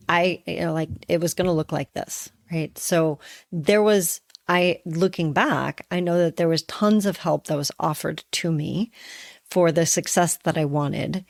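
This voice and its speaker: A woman's voice: low-pitched, no room sound, clean studio sound. A woman co-hosting a podcast, reflective and conversational, who acts out scenes vividly. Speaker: podcast co-host. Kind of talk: casual conversation.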